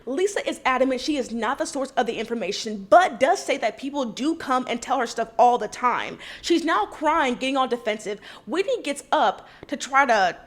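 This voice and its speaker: A woman's voice: sits high, expressive, moderate pace, few pauses. A woman giving a casual, opinionated recap of a reality show and talking straight to the cast members.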